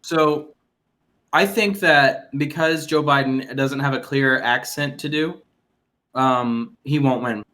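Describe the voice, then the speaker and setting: A man's voice: mid-range voice, slow pace, pushed and bright. A man co-hosting a casual podcast, rambling and restarting his sentences as he jokes. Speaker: podcast co-host. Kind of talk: casual chat.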